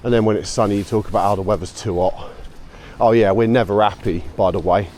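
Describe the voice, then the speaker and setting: A man's voice: lowish voice, steady tone, fast, darkish tone, slight background noise. A British man chatting casually to camera while out walking his dog, rambling, with sarcastic asides. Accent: British English. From United Kingdom. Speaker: vlogger.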